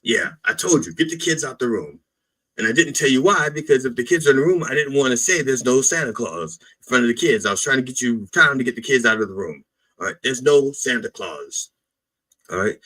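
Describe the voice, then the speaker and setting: Animated, bright-voiced comic man. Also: medium pitch, husky, rough recording. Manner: blunt, riffing, repeats itself with "all right?" and "okay?". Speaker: comic mock reverend and podcast host. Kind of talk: rambling comic monologue.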